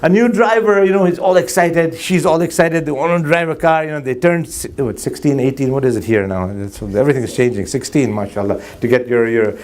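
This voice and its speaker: A man's voice: mid-range voice, a little fast, hardly any pauses. A man preaching a sermon to a congregation, joking with the audience and acting out little dialogues. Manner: animated, jokes with audience, acts out dialogue. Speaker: Muslim preacher. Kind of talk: sermon with anecdotes. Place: mosque hall before a crowd.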